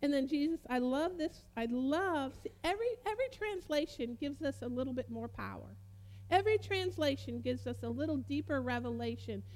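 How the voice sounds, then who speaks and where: A woman with a high voice preaching with strong emphasis. She reads scripture from several translations, slows down on key words and lets her voice swell and drop. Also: lively intonation, a little mellow. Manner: emphatic, rising and falling, dramatic pauses. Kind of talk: sermon, reading and comparing Bible translations.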